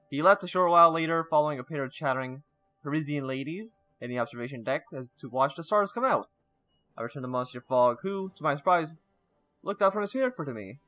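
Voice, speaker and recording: A gaming channel host plays a story game, reading its text aloud with stumbles and drifting into casual asides. His voice is medium-pitched and a bit bright.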